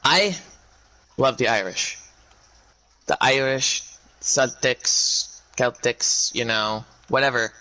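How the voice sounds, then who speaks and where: A man speaking to his viewers in a rambling monologue, ranting in a halting way with many restarts. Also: medium pitch, fairly even intonation, bright, forceful tone, low-quality recording.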